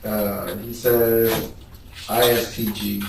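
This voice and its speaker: Man, witness reading texts aloud, monotone, unhurried, distant mic. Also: on the low side, slight background noise. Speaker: trial witness reading text messages. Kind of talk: reading messages aloud in court testimony. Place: courtroom. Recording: echoey room, voice picked up from a distance.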